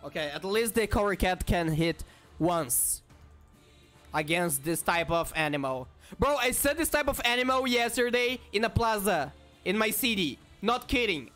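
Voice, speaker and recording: Excitable man commenting on his game. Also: sits high, normal speed, soft background music. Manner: excitable, swings from muttering to shouting. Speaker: gaming YouTuber. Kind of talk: casual gameplay commentary.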